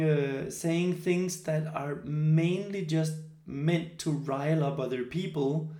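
A man who is not a native English speaker leads a group workshop. He talks haltingly, thinking aloud with many fillers. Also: a little high, mellow. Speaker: workshop leader. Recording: echoey room.

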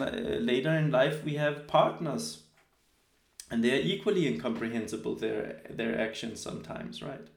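A man in his thirties giving a relaxed spoken lecture, often hesitating with fillers and restarts. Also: on the high side, echoey room. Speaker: teacher.

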